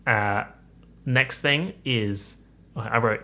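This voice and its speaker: Young male podcast host, campy and chatty, animated solo chat. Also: medium pitch, moderate pace.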